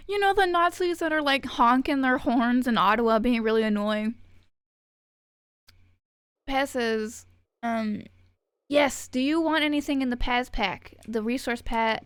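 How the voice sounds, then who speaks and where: A woman's voice: a little high, clear, resonant tone, no echo. A woman streaming a game, reading chat and chatting casually in a rambling, profane, self-mocking way. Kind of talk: casual chat while gaming.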